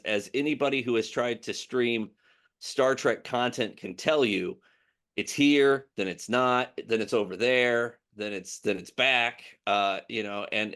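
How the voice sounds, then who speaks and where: A man's voice: mid-range voice, a bit bright. Rambling man hosting a chat show. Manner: rambling, many fillers and restarts. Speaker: podcast host. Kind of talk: casual news chat.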